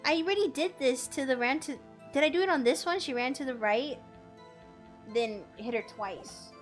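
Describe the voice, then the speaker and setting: A woman's voice: high voice, lively intonation, moderate pace, soft background music. A young woman streamer chatting casually and giggling while playing a game. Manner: giggly, chatty, self-correcting. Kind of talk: casual gameplay commentary.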